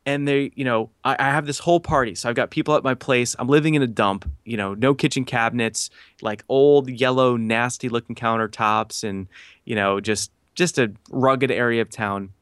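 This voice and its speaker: Man, 30s, podcast guest; lively storyteller who acts out quotes, fillers galore, dry close mic. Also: mid-range voice, moderate pace, clear, resonant tone, no echo. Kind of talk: casual storytelling.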